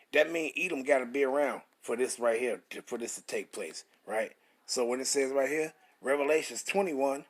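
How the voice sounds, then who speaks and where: Man, husky voice, emphatic scripture preaching, rhetorical questions, swearing. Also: mid-range voice, a bit bright. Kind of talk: street-style scripture teaching.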